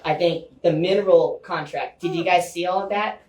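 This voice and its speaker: A man's voice: sits high, normal speed, darkish tone. A man giving an impassioned, rambling speech to a community group, with many fillers and restarts. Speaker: guest speaker. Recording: echoey room, far from mic, faint hum.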